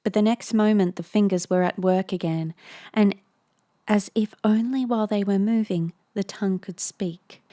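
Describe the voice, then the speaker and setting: A woman's voice: medium pitch, normal speed, warm tone. Playful woman reading a ghost story. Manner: playful, self-mocking. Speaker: reader, narrator. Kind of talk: storybook reading with joking asides.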